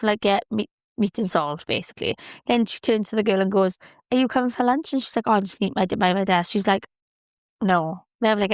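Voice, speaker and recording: A woman in young adulthood talks through her podcast in an easy, chatty way, warmly encouraging and cheerleading whoever is listening. Her voice sits at an ordinary middle pitch, and the sound is close and dry with no room around it. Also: dry recording. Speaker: podcast host. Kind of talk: motivational podcast chat.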